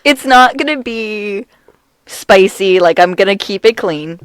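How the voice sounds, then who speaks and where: A woman's voice: mid-range voice, unhurried, clean tone, no room sound. A middle-aged woman co-hosting a podcast, telling a story in casual chat and laughing often. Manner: giggly, animated storyteller. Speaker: podcast co-host.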